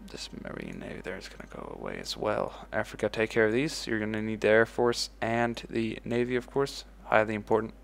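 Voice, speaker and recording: A man commenting casually on his own strategy game playthrough, swearing freely, bursting out with "boom" and ordering his in-game troops around. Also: a little fast, creaky, hardly any pauses. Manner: excitable, swears casually, shouts "boom" when giving orders; talks to in-game units as if they were his troops. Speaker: let's play host.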